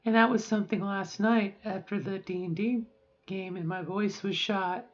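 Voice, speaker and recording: A middle-aged woman talks through a personal video diary in a reflective, halting voice, pausing often and circling back on her words. Her voice sounds a little strained and sore, and her pitch sits in an ordinary middle range. The audio is slightly dull and lo-fi. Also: steady tone. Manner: reflective, halting, with frequent fillers and restarts. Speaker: vlogger. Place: at home.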